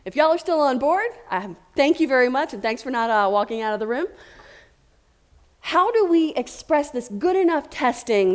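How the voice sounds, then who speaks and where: A woman speaking at a tech conference as a tester and manager, chatty and playful with jokey asides. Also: fairly high pitch. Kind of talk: conference talk. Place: conference room.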